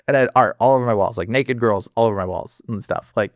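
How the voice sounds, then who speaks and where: A man telling a personal story as a podcast guest, excitable and slangy, laughing often and jumping high in his voice when worked up. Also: quick pace, no echo, studio quality.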